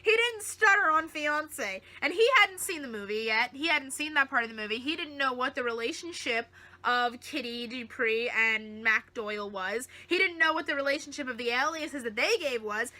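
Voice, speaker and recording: A woman with a very high, piercingly bright voice gushes through an excited fan review. She talks with giggly, breathless enthusiasm, as if she can barely contain herself. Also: normal speed. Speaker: TV episode reviewer.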